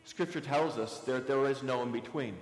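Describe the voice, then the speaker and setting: A man's voice: medium pitch, moderate pace. A man preaching a sermon as pastor, asking many rhetorical questions and telling his listeners which words to underline, recorded in a church sanctuary. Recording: echoey church hall with long reverb.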